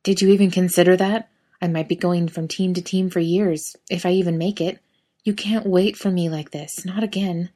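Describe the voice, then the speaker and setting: Woman reading a young man, blunt, exasperated, swearing, lowish voice, story reading. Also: steady tone, normal speed, warm tone, close to an everyday voice. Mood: heated. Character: young adult man, heated college athlete.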